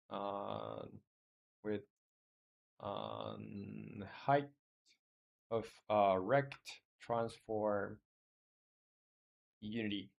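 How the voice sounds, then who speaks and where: His voice is lowish and gravelly as he live-streams work on his game's code. English isn't his first language; he thinks out loud in halting bits stuffed with fillers and mumbles search terms as he reads.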